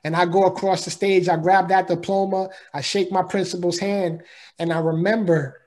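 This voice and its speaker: A man's voice: sits high, steady tone, moderate pace, a little mellow. A man telling a personal story as an interview guest, earnest and emphatic, in a casual way of talking.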